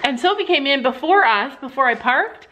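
A woman's voice: sits high, lively intonation, moderate pace, highs cut off, slight background noise. An older woman, a grandmother, chatting casually in a vlog while walking around her farm, switching into baby talk for a toddler and the animals. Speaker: vlogger. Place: outdoors at a farm and barn.

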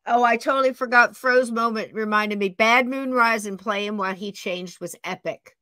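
A woman podcast host in casual chat, talking fast and gushing with enthusiasm. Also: a little high, pushed and bright, no echo.

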